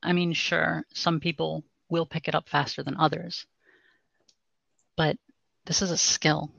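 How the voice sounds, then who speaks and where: A woman voice coach calmly explaining voice training in a podcast interview, in a measured, instructive way. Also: deep voice, gravelly, dry recording, highs cut off.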